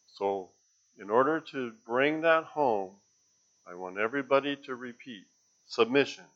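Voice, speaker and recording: A man preacher giving a sermon and praying, earnest and halting with fillers, on a dull lo-fi recording. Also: medium pitch, lively intonation.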